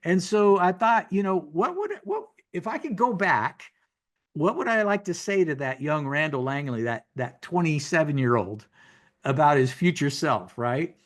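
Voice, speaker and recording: A man's voice: fairly high pitch, big pitch swings, normal speed. A man in his sixties giving folksy, conversational preaching from his home office over a video call, repeating phrases for emphasis. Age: 60s. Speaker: guest minister teaching.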